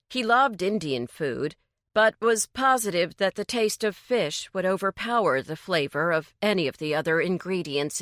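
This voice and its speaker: A woman narrating an audiobook in a measured, even way. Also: fairly low pitch, no echo, studio quality. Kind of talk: scripted narration.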